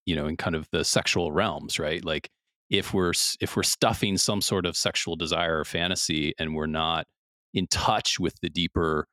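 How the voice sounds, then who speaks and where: Male podcast host, very deep voice, reflective and thoughtful, dry close sound. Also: a bit bright, dry recording. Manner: reflective, thoughtful, often checks in with "right?". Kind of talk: casual interview chat.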